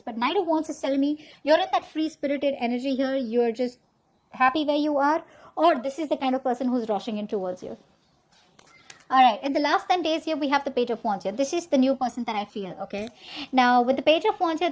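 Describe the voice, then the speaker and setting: A woman's voice: sits high, darkish tone. A woman giving a casual tarot reading to camera, chatty and reassuring, often checking in with "okay?". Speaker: tarot reader.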